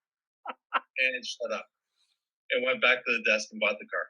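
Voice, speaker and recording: A man hosting a show, telling funny stories in a casual, animated way and acting out what people said. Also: mid-range voice, unhurried, slightly rough, low-quality recording. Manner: animated storyteller acting out quotes. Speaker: podcast host. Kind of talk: casual storytelling.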